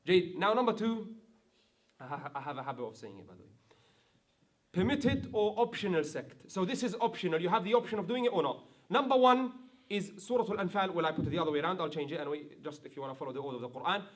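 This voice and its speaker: A man teaching a Quran recitation class, explaining rules, chanting example verses and often asking his students if it is clear. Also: high-pitched, lively intonation, fast, fairly bright tone. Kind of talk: online tajweed class.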